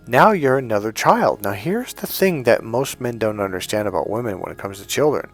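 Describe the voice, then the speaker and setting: A man's voice: medium pitch, animated, brisk, hardly any pauses. A middle-aged man coaching on dating, telling stories bluntly, swearing freely and acting out both sides of conversations. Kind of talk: storytelling to camera.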